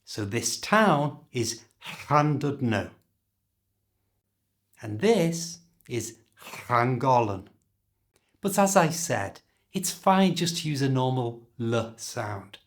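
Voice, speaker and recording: A man leads a pronunciation lesson. He speaks slowly and deliberately, with a lively, rising and falling pitch. He demonstrates each sound with care. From Liverpool, England. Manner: slow, careful, demonstrative. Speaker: English pronunciation teacher.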